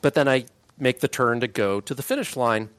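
A man telling a story in relaxed, casual chat with friends. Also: medium pitch, fairly quick.

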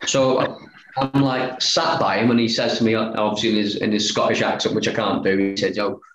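A man's voice: lowish voice, flat delivery, brisk, a bit bright. A man, a former footballer telling a story as a guest, retelling conversations line by line. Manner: chatty, retells dialogue with "he said, I said". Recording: roomy echo, faint noise.

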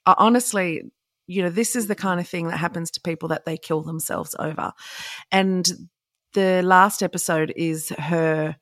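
A woman's voice: lowish voice, steady tone, moderate pace, no room sound. Woman, forties, candid, impassioned, laughs a lot, dry close sound. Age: 40s. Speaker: podcast co-host. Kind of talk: casual chat.

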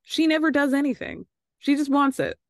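A woman's voice: high voice, lively intonation, moderate pace, no room sound, clean studio sound. A woman hosting a podcast, recapping a reality show in a casual, snarky way that is full of swearing and laughter. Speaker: podcast host.

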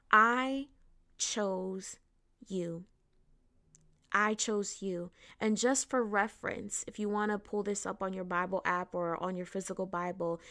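A woman hosting a faith podcast, teaching earnestly and often checking in with listeners with a quick "right?". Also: mid-range voice. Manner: restarts and repeats words, laughs lightly. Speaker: podcast host.

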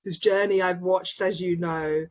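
A woman who is a guest author at an online book event, speaking softly and effusively with halting fillers. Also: on the low side, steady tone. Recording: dull lo-fi call audio.

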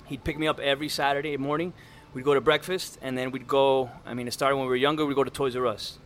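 A man guest on a podcast, relaxed and rambling as he tells stories in casual conversation, with a faint hiss behind. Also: mid-range voice, fast talker. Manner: relaxed storytelling with fillers.

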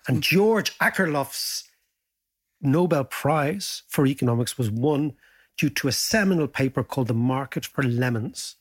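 A man's voice: mid-range voice, measured pace. A man hosting a podcast, chatting casually and animatedly with a co-host, joking and telling stories. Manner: lively, jokey, animated storytelling.

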